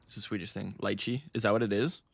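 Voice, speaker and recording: A man's voice: fairly low pitch, fairly even intonation, quick pace, creaky, no room sound. An American man chatting casually to his live-stream chat, often laughing, swearing and stumbling over words. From United States.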